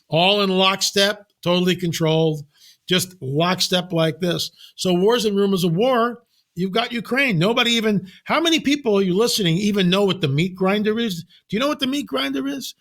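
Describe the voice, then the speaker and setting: An older man speaking as a podcast guest, telling stories in an emphatic, animated way with sudden exclamations. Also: sits high, moderate pace. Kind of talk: casual podcast conversation.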